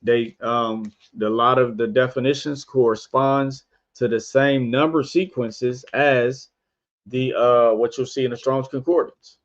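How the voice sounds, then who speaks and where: A man's voice: mid-range voice, steady tone. Man teaching, quizzing listeners, dull lo-fi audio. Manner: quizzes listeners with repeated rhetorical questions; spells out letters slowly, one by one. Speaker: podcast host teaching scripture. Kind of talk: informal religious teaching over a screen share.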